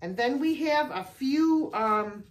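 A woman's voice: high-pitched, expressive, slow pace. A middle-aged American woman chatting casually in a vlog, gushing and exclaiming over each thrift find. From United States. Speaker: thrift haul vlogger.

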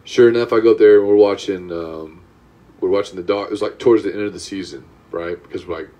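A man's voice: on the low side, fairly even intonation, quick pace, mellow. A man from Georgia hosting a podcast, telling a sports story in a laid-back, casual way. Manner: laid-back, says "dude" and "right?" often. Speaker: podcast host. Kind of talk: casual chat.

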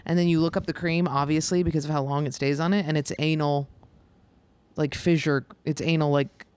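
Blunt, excitable young woman. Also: deep voice, a little fast, smooth. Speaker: comedian guest. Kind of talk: casual podcast chat.

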